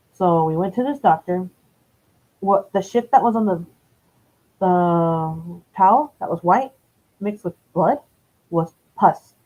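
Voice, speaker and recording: Casting: woman, 30s, mellow tone, rambling and foul-mouthed live storyteller. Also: on the low side. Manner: rambling, profane, self-correcting. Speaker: live streamer. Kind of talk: casual storytelling. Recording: dull lo-fi stream audio.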